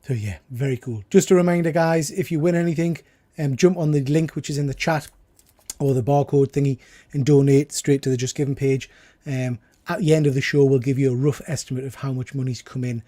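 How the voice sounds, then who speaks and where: A man hosting a casual live charity stream, chatty and enthusiastic, with frequent quiet asides. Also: mid-range voice, fairly even intonation, brisk. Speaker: livestream host.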